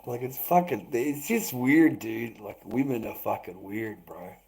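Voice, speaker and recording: A man hosting a live stream, rambling and swearing, who swings between loud outbursts and low muttering. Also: unhurried, vocal fry, poor audio. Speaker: livestream host.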